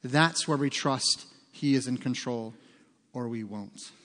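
In a church sanctuary, a pastor preaches slowly in a mid-range, fairly bright voice, keeping things conversational with joking asides. The large hall gives the recording a long reverb.

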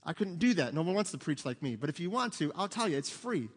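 A middle-aged man, preaching a sermon in an animated, conversational way with humor and asides, in a church sanctuary. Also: on the high side, fast, breathy edge. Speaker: pastor. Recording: long hall reverb.

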